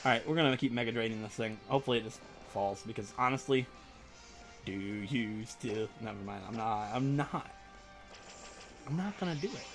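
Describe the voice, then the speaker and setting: A man hosting a let's play, rambling and joking excitedly over his game. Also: mid-range voice, fast, soft background music. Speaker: gaming channel host.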